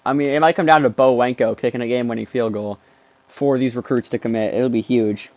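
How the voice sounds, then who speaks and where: A man doing let's-play commentary on a football video game, excitable, trash-talking the game and bursting into shouts. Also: medium pitch, a little fast. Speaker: gaming streamer. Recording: dull lo-fi dry mic.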